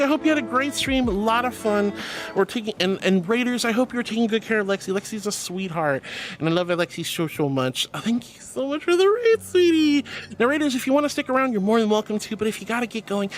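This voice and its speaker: A man's voice: high voice, a little hiss or hum. A man streaming live, chatting casually and reading out chat messages, gushing and affectionate toward viewers. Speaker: VTuber streamer. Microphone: computer mic for a VR stream.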